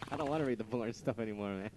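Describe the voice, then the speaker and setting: A man's voice: medium pitch, fast talker, background noise. A young man co-hosting a casual radio show, rambling through stories with lots of stammered restarts and laughs at his own jokes.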